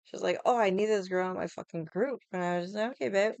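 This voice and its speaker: A woman vlogger telling stories in a casual, animated way, swearing often and acting out other people's lines. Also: medium pitch, quick pace, gravelly, no echo. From Hawaii. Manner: animated, profane, laughs often, acts out quotes. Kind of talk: casual storytelling chat.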